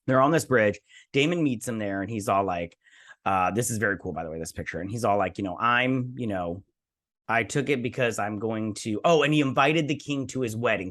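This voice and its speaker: A man's voice: on the low side, a bit bright. A man hosting a TV review show, recapping an episode in a rambling, enthusiastic way with lots of fillers and restarts.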